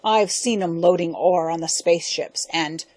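A woman's voice: on the low side, normal speed, darkish tone, natural voice. A woman voicing a grumbling old grandfather. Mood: scoffing.

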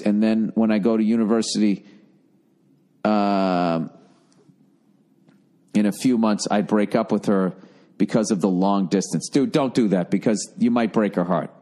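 A middle-aged man hosting a comedy advice podcast, reading listener letters and riffing loudly with profanity. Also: on the low side, unhurried, pauses often. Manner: loud, profane, animated riffing with mocking put-on voices. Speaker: podcast host giving advice.

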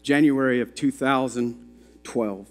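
A man's voice: mid-range voice, measured pace, faint music behind. A man preaching a sermon to his congregation, telling a story and putting emphatic questions to the listeners. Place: church sanctuary. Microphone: handheld or stand microphone. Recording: long hall reverb in a church.

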